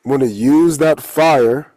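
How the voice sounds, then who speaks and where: Slow, profane spiritual coach, a man. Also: medium pitch, warm tone, poor audio. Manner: loose and profane, laughing at own jokes. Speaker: holistic coach and tarot reader. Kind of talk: casual spiritual talk.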